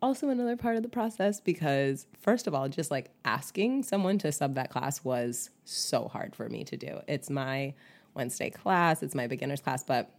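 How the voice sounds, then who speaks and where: A woman with a low voice co-hosts a podcast and chats casually. She tells stories in an animated way, full of fillers. Her voice has only just come back after she lost it. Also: moderate pace. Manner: chatty, animated storytelling with many fillers. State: voice just recovered from laryngitis. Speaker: podcast co-host. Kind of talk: casual chat.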